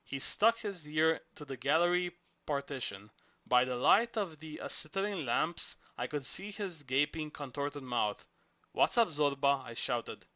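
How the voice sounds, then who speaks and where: A man reading novel narration aloud, steady with small restarts. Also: a little high, measured pace, no room sound. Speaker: audiobook reader.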